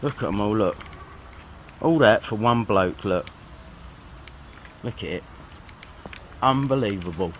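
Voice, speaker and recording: A man's voice: lowish voice, animated, a little slow, long pauses, slight background noise. A man, frustrated and swearing as he films a confrontation on a street. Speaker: vlogger confronting police.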